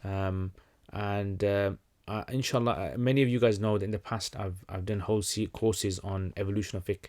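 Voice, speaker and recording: A young man chats through a livestream Q&A at an easygoing pace, his voice sitting a little low. He often stops to restart a thought and fills the gaps with ums and uhs. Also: normal speed, hardly any pauses. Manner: relaxed, conversational, many fillers and restarts. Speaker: livestream host answering questions. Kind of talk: casual livestream Q&A.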